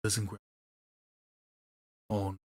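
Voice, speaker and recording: This male host talks very slowly in a fairly low voice as he reacts emotionally to a manga. Slangy and excitable, he shifts between muttering in dismay and shouting.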